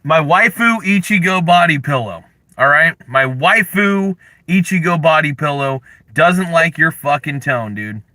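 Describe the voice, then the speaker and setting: A young man hosting a casual livestream, ranting in mock anger and chatting with viewers, with sudden loud outbursts. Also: a little high, a little slow, no room sound. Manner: animated, mock-angry rants with sudden yelled bursts. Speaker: livestream host.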